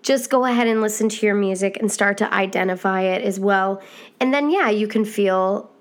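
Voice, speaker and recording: A woman teaching singing on a podcast, chatty and encouraging, with a pitch that sits in the ordinary middle. She explains at an easy pace and now and then jumps up into bright, high demonstration hoots. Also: moderate pace. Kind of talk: casual podcast lesson.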